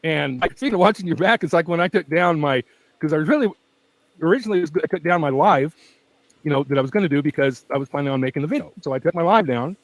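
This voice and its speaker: A man's voice: a little high, lively intonation, fast talker, dry recording, rough recording. A man hosting a true-crime channel, chatting in a casual, rambling way at home with his pets, laughing often, speaking very close to the mic, and with a weak voice that tires easily. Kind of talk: casual rambling livestream chat. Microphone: very close to the microphone.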